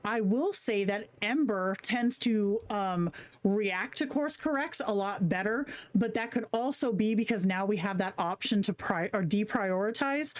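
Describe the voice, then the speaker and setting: A woman hosting a live stream, chatting casually with slang and swearing while reading chat comments aloud. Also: medium pitch. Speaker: livestream host.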